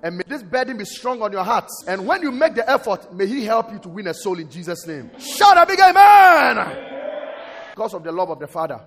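Animated preacher in a hall. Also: male voice, high-pitched, quick pace, hardly any pauses. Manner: animated preaching, quotes scripture, asks the congregation to respond. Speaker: pastor. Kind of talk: sermon. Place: church. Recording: long hall reverb, faint music.

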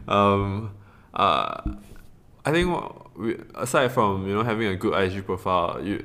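A man's voice: fairly low pitch, animated, normal speed, sharp tone. A young man with a Singaporean English accent co-hosting a casual podcast, rambling with many fillers and bursts of laughter. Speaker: podcast co-host. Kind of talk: casual chat.

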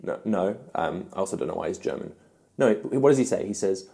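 Warm-voiced young youth pastor. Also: male voice, low voice, very animated, gravelly. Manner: earnest, with gentle emphatic pauses. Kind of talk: devotional teaching talk.

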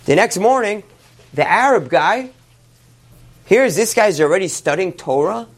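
A male rabbi telling a story in a sermon, with animated retelling and quick asides. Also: high-pitched.

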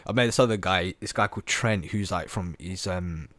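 A young man hosting a podcast, telling travel stories in a lively, slangy way and laughing often. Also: deep voice, moderate pace, no room sound. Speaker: podcast host. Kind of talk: casual chat, travel storytelling.

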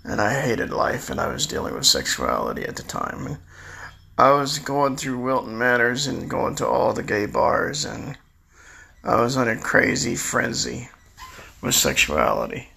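Older man, sixties, heavy gravel and rasp, tense edge, rambling confessional delivery. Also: mid-range voice, very animated, unhurried, sharp tone. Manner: rambling, confessional, restarts often. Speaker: storyteller recounting his life. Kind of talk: candid personal monologue.

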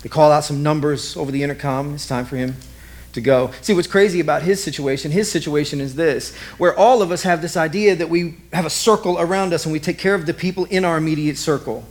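A man's voice: a little high, quick pace. A man preaching a sermon as vivid present-tense stories, repeating key lines. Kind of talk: dramatic storytelling sermon.

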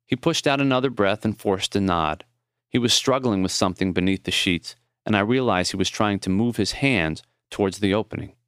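In a close, dry recording free of room sound, a man narrates his memoir for an audiobook. His delivery is measured and tender, and his low, smooth, resonant voice is a bit bright.

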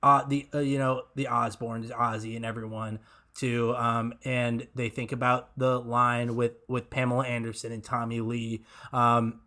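A man in a relaxed podcast conversation, chatting about a song line by line. He laughs often and fills pauses with ums and quick restarts. His voice sits at an ordinary middle pitch. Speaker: podcast co-host. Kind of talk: casual podcast chat breaking down song lyrics.

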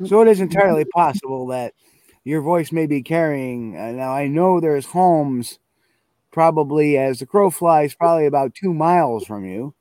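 A man's voice: on the high side, expressive, moderate pace, warm tone, no room sound. A man hosting a live outdoor investigation, talking casually and thinking aloud. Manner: talkative, thinks aloud, imitates animal calls. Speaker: field investigator hosting a live audio session. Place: outdoors at night with wind.

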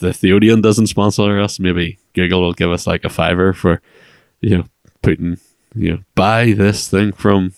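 A man with a very low, gravelly voice rambles his way through a casual podcast chat, circling back on himself with fillers and false starts. The sound is dry and close to the mic. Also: no echo. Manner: rambling, many fillers and restarts. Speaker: podcast co-host.

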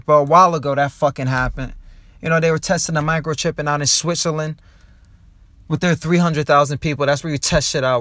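Loud, cursing young Jersey comic. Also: male voice, a little high, dry recording, studio quality. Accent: New Jersey. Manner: loud, profane, laughs at his own jokes. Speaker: stand-up comic and podcast host. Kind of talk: rambling comedic rant. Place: parked car.

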